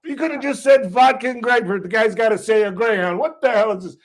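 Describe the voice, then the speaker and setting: A man voicing a loud, brusque, middle-aged Philadelphia bartender with a Philly accent, in a high strained shout. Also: quick pace. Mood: exasperated. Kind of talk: anecdote with a put-on voice.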